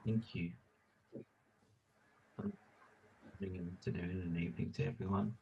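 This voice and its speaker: A man sharing with a group, halting and searching for his words. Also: low voice, steady tone, creaky, darkish tone, highs cut off, a little hiss or hum. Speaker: workshop participant.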